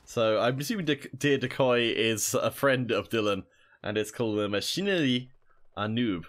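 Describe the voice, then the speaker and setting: A man's voice: mid-range voice, normal speed, fairly bright tone. A young man casting a mobile shooter tournament alone, chatting with viewers in between plays. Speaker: esports caster. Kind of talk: solo esports commentary reading chat.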